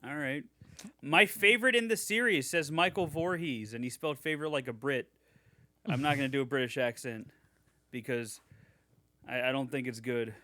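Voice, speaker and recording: A young man co-hosting a podcast reads fan reviews aloud with mock enthusiasm, swearing casually. His mid-range voice is bright and forceful at a moderate pace, and the recording is dry.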